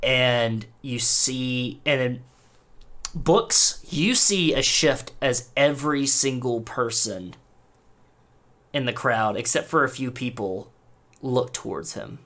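Man, game master, mid-pitched, loose narration, lots of fillers and restarts. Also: takes it slowly, fairly bright tone.

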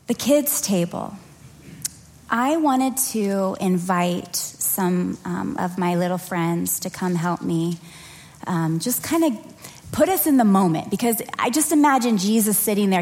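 A woman's voice: mid-range voice, lively intonation, a little slow, a little mellow. Earnest woman leading a church talk. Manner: earnest, conversational, acts out scenes. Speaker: children's or family pastor. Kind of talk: prayer and sermon. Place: church service.

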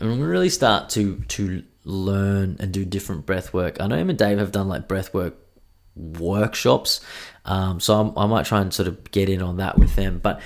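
A young man hosting a podcast, congested from a cold, rambling casually and swearing a lot. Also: fairly low pitch. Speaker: podcast host. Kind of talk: casual solo podcast chat.

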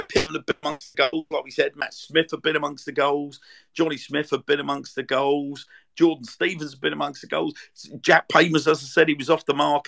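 Guy on a football podcast, gravelly voice, lots of ums and restarts, just chatting. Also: mid-range voice, fairly bright tone. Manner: rambling, full of fillers and restarts. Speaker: podcast co-host. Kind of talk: casual chat.

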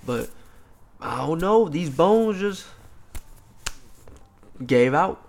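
A young college athlete in casual chat, telling stories in a laid-back, slangy way with plenty of swearing. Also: male voice, a little high, animated, drawn-out words. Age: young adult.

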